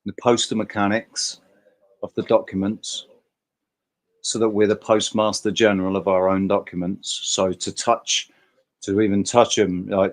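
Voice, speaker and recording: A man hosting a casual livestream chat, talking emphatically in a rambling way and swearing freely. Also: sits low. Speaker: host.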